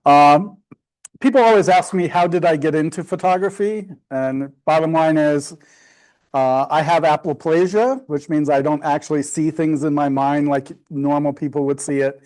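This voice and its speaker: A middle-aged man with a fairly high voice gives a casual talk to a club audience. His humor is sarcastic and he is quick to play himself down. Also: steady tone, a little mellow. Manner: sarcastic, self-deprecating. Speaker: presenting photographer.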